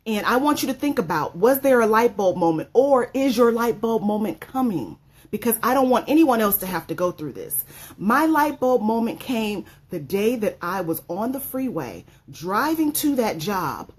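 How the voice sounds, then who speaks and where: A woman's voice: medium pitch, husky. A woman giving an emotional personal testimony as a motivational speaker, repeating phrases for emphasis.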